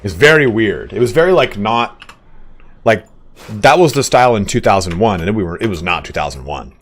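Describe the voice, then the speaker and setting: A man's voice: lowish voice, expressive, normal speed, fairly bright tone. A man in his thirties chatting casually while streaming a game, rambling and laughing often, swearing offhandedly. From California. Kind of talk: casual chat while gaming.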